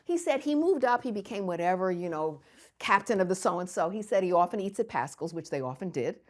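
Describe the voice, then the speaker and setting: An older woman from the United States, recounting memories in an interview with lively storytelling and frequent laughter. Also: fairly low pitch, a little fast. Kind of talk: oral history storytelling.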